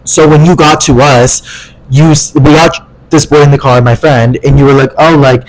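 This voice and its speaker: A young man co-hosting a podcast, telling a story in casual chat, animated and profane, acting out the voices of people he quotes. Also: mid-range voice, normal speed, poor audio. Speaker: podcast co-host.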